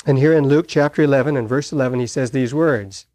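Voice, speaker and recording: A man preaching a sermon, telling stories in a halting way with many pauses and fillers. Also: mid-range voice, a little mellow, no echo. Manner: halting storyteller, frequent uh fillers.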